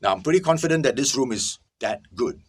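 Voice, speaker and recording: A man's voice: medium pitch, lively intonation, quick pace, slightly rough. A man hosting a casual video lesson from a small soundproofed recording booth, recorded on a camera-mounted microphone. He explains emphatically and keeps checking in with his viewers. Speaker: host teaching audio recording. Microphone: camera-mounted microphone, no lapel mic.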